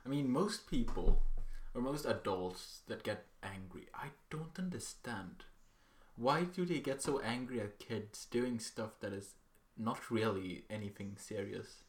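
A young man co-hosting a podcast in casual chat, relaxed and swearing, laughing easily. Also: fairly low pitch, a little slow. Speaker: podcast co-host. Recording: echoey room.

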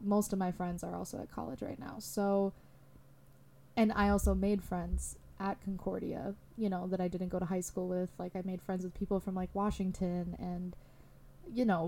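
A woman's voice: medium pitch, warm tone. A young adult woman hosting a solo podcast, talking candidly in a rambling way with lots of fillers. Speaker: podcast host.

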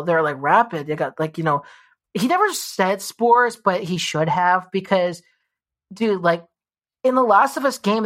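A woman co-hosting a podcast in casual chat, rambling with many fillers. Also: lowish voice. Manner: rambling, heavy use of "like" fillers. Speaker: podcast co-host.

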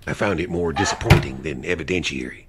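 A man narrating a mystery story in the first person, in a dry, measured storytelling manner. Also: very deep voice, very noisy. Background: music.

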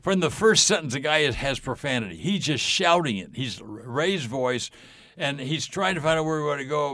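A man's voice: medium pitch, animated, moderate pace, bright, forceful tone, no echo, clean studio sound. An older man, a podcast guest, telling stories with enthusiasm and acting out the dialogue. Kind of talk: storytelling in a faith podcast.

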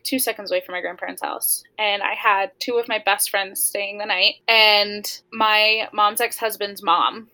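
A woman's voice: mid-range voice, bright, forceful tone, low-quality recording. A young adult woman, a podcast guest, telling a personal story in a candid way, with lots of "like" fillers.

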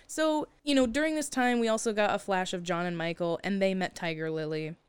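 This is a young woman in easy conversation, recapping a story with plenty of filler words and frequent laughter. Her voice is smooth and clear. The sound is dry and close, with no room around it. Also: medium pitch, fairly quick, no room sound. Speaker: podcast co-host. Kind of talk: casual chat.

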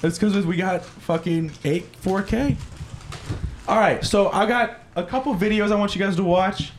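A podcast host gets loud and excitable, swearing his way through casual studio chat. His voice sits a little high for a man, with a faint hiss underneath. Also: normal speed.

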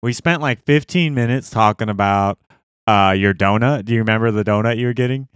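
A man's voice: lowish voice, a little fast, clear, resonant tone, no room sound, clean studio sound. A man co-hosting a podcast, telling a road trip story animatedly and quoting others. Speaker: podcast co-host.

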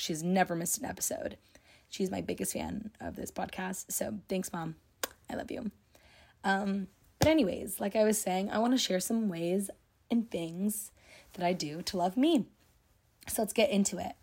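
A young woman hosts a casual solo podcast, speaking to listeners in a chatty, informal way. Her voice is husky and a little breathy, with noticeable vocal fry at the ends of phrases. She fills her sentences with "like" and "you know.". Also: fairly low pitch, a little mellow. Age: young adult. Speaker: podcast host.

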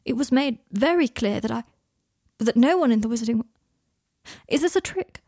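A woman's voice: a little high, expressive, normal speed, mellow, dry recording, clean studio sound. Draco, a woman voicing a flustered young man. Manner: flustered, swearing under his breath. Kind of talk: fan fiction reading.

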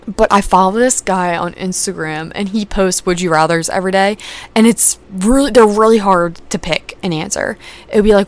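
A woman's voice: mid-range voice, normal speed. Young woman podcast host just rambling, swears a lot, lots of "like", normal mid voice. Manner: rambling, fillers and casual swearing. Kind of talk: casual chat.

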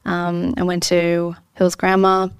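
A woman's voice: lowish voice, completely flat delivery, takes it slowly, clean tone, no echo. A woman, a podcast guest speaking earnestly and reflectively about her values and her upbringing. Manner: earnest, reflective, warm laughs. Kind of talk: conversational interview.

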